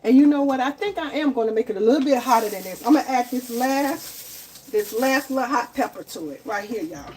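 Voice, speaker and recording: A woman's voice: on the high side, expressive, brisk, warm tone, slight background noise. A woman, chatting casually to viewers while cooking live in her home kitchen, often repeating herself and calling them y'all. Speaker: home cook livestreaming.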